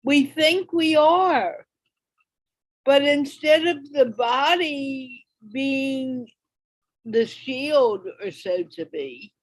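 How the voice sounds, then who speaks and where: A woman hosting a reflective panel talk, speaking gently as she brings the hour to a close. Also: high voice, no echo, poor audio. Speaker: host.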